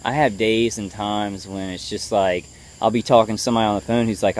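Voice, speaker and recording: A man giving a personal video update, halting and full of fillers and restarts, trying to stay calm and level. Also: lowish voice, slight background noise. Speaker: vlogger.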